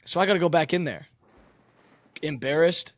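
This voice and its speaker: A man's voice: a little high, moderate pace, no echo, studio quality. A young man who plays college quarterback, telling his story candidly and emotionally, swearing and saying "man". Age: young adult.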